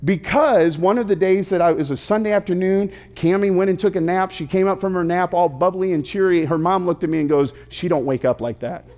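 A pastor in his thirties preaching a sermon, telling stories playfully and slipping into quick put-on voices. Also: high voice, a little mellow.

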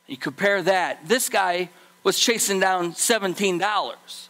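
A man preaching a sermon as pastor, animated, acting out the people in his story. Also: high-pitched, unhurried.

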